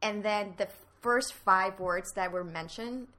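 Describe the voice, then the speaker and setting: A woman's voice: medium pitch, sharp tone. A woman from Puerto Rico with a Spanish accent, an improv actor chatting casually and restarting her sentences often. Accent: Puerto Rican Spanish. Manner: halting, full of fillers and restarts. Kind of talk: casual chat.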